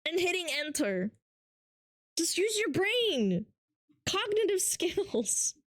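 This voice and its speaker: A woman's voice: very high-pitched, sing-song, takes it slowly, a bit bright, dry recording, studio quality. A woman livestreamer in casual chat, ranting with lots of swearing and mocking her viewers. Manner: ranting, profane, mocking impressions.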